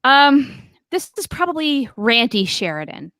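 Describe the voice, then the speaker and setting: A woman's voice: high voice, big pitch swings, unhurried, sharp tone, no room sound. A woman co-hosting a podcast, chatting in a gushing, playful way about a favorite show. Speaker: podcast co-host. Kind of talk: casual fan discussion.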